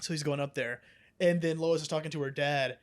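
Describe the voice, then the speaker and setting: A man's voice: a little high, a little fast. A young man co-hosting a podcast, telling cartoon plots with lots of laughter and casual swearing. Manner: animated storyteller, laughs often, swears casually. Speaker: podcast co-host. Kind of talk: casual chat.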